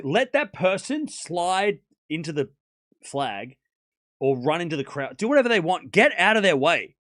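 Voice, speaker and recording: A man's voice: fairly high pitch, fairly bright tone, dry recording, studio quality. A man hosting a live tennis watchalong stream, giving casual commentary and chatting to his viewers, sliding into rants with swearing and sarcasm.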